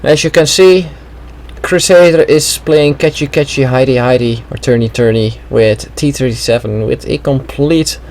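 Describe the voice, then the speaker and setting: Poor audio captures a man's medium-pitched, darkish voice as he casually narrates a game replay at moderate speed. He's chatty, peppering his thoughts with "well," and his throat seems slightly off.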